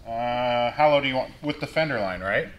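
A man's voice: medium pitch, brisk, soft background music. A man working in a car shop, playful and jokey, chatting while he starts cutting the car. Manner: playful, jokey, doing loud engine noises. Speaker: mechanic and co-worker.

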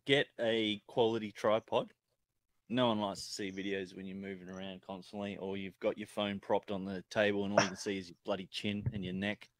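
A man's voice: fairly low pitch, flat delivery, brisk, no echo. Laid-back Australian man, dry close sound. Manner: blunt, swears freely, laid-back advice. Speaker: guest. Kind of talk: casual chilli tasting chat.

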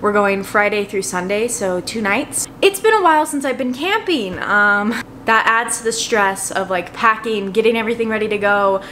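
A woman's voice: medium pitch, lively intonation, moderate pace, fairly bright tone, slight background noise. A young woman vlogging casually to camera while running errands, rambling, frazzled and poking fun at herself. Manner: rambling, frazzled and self-mocking. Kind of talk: casual vlog chat to camera. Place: out and about, stores and car.

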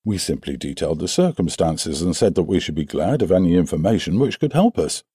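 A man's voice: sits low, animated, brisk, warm tone, husky, no room sound, clean studio sound. A man voicing a stiff, easily offended police inspector in an audiobook, answering curtly. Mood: defensive. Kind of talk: audiobook character voice.

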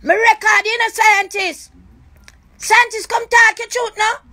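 Very high-voiced Jamaican woman. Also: little pitch movement, unhurried, bright, forceful tone. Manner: accusing, repetitive, raw and impassioned. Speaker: livestreamer. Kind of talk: emotional live-stream rant.

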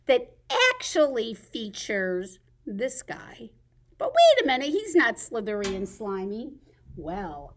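Sing-song librarian reading to babies. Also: female voice, medium pitch. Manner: animated sing-song read-aloud. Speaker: children's librarian. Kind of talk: reading picture books and rhymes to babies.

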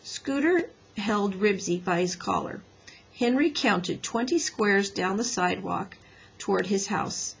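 A woman teacher reading a children's book aloud in a lively storybook manner, slightly raspy. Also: mid-range voice, a little slow, rough recording.

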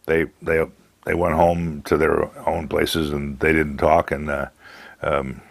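A man telling a documentary interview anecdote as an animated storyteller, acting out quotes. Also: a bass voice, slow pace, gravelly, no room sound. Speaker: recording engineer interviewee.

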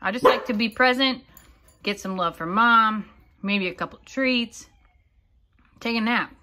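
A woman voicing a grumpy old male house cat who talks in a flat, unbothered, matter-of-fact way. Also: on the high side, a little slow.

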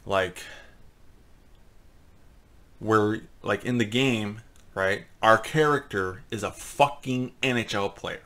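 A man hosting a gaming channel, talking casually and ranting in frustration, swearing often and filling pauses with "um" and "like.". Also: mid-range voice, a bit bright. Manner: frustrated, profane ranting with fillers. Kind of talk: casual commentary.

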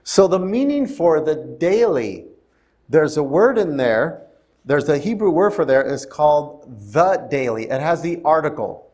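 This pastor's voice sits fairly high and swings widely in pitch, with a darkish tone and a slightly slow delivery. He teaches a conversational Bible study sermon in a church sanctuary, regularly questioning the congregation.

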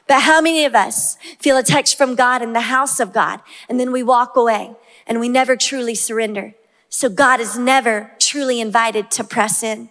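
Female pastor, 30s, Southern US, fervent sermon delivery, bright high pitch. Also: moderate pace. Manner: impassioned, rising to shouts on key lines. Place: large church sanctuary. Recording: long hall reverb.

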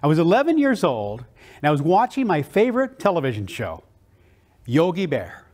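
Keynote speaker from South Texas, male, high, lively voice, big enthusiastic storyteller. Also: moderate pace. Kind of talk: motivational storytelling speech.

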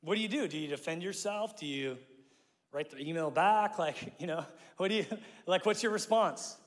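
Animated pastor preaching in a reverberant hall. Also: male voice, sits high, moderate pace. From Omaha, Nebraska, USA. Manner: animated storytelling, acts out quotes with sudden shouts; jokey, self-mocking asides with laughter. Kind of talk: sermon. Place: church sanctuary. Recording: long reverb of a large hall.

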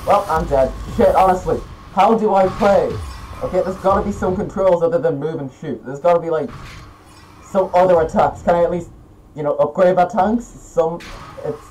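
Teen male gamer, slightly high voice, rants and shouts at his game over a desk mic with faint hiss. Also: moderate pace, poor audio. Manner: excitable, swearing, yelling outbursts. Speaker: gaming YouTuber. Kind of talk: gameplay commentary.

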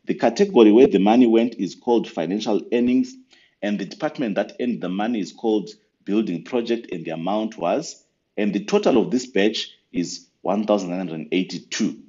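A man giving a patient step-by-step software tutorial over a screen recording. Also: fairly low pitch, normal speed, lo-fi sound. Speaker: software trainer.

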